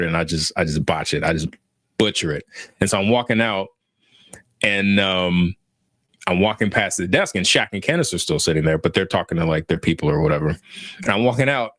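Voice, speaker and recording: A man in his thirties telling a story casually on a podcast, animated and self-mocking, laughing as he goes. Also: lowish voice, brisk, dry recording, studio quality. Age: 30s. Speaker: podcast host.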